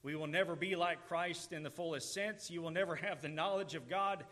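A man delivers a sermon in a bright, forceful voice pitched a little above the usual. He preaches earnestly, leaning on emphatic repetitions to drive each point home. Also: a little fast. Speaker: pastor.

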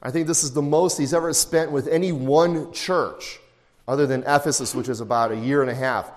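A middle-aged male pastor preaching in a relaxed, conversational manner, mid-pitched and easygoing, with chatty asides. His voice carries the long reverb of a large church hall. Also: a little fast. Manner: conversational, anecdotal, with asides and chuckles. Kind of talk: expository sermon.

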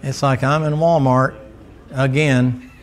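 A male preacher with a mid-range voice speaks slowly and flatly as he gives a folksy, joking sermon in church. He tells stories and teases his congregation.

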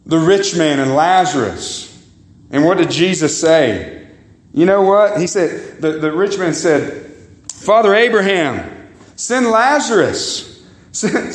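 Preacher guy, kinda high voice, big swings up and down, church echo. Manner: emphatic, swings pitch high and low, repeats words; addresses congregation as "guys" and "beloved". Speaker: pastor. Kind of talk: sermon. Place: church sanctuary.

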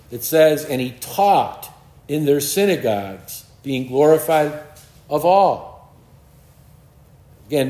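A man's voice: a little high, darkish tone, roomy sound. A man preaching a sermon in an earnest way, often repeating words as he searches for the next one.

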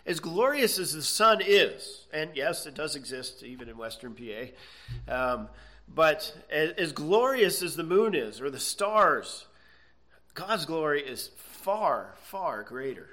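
A man preaching, his voice bright, clear and set a little high. He drives points home with slow, stretched emphasis and keeps checking in with the room, steady and earnest from start to finish. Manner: earnest, emphatic, with drawn-out stresses and "okay?" checks. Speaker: pastor. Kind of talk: sermon.

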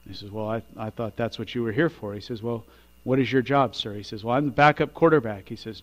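Preaching man, booming builds over hum. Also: fairly even intonation, fairly quick. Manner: builds to loud emphatic peaks, drops quiet on endings. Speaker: pastor. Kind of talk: sermon.

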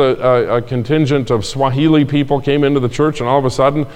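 A man's voice: medium pitch, fairly even intonation, fast talker, few pauses, clean tone. An older man, a pastor, delivering a sermon in a conversational way, with asides and repeated phrases. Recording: long hall reverb.

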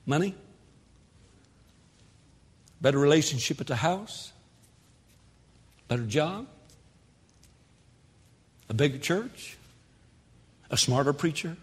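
A man preaching a sermon in a church, animated, with sudden shouts and quick asides. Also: fairly high pitch, slightly rough. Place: church sanctuary. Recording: long hall reverb.

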